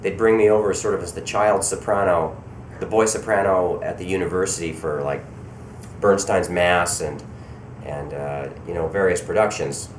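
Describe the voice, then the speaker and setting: A middle-aged man from Colorado, a voice actor talking in a relaxed, self-deprecating way during a convention interview. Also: deep voice, normal speed. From Colorado, USA. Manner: relaxed, self-deprecating, repeats words when starting thoughts. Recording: echoey convention room with faint background noise.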